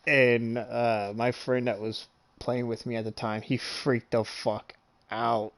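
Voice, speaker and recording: A young man, a gaming streamer, telling a long story in casual chat, swearing freely and laughing often as he gets animated. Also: mid-range voice, slow pace, no echo.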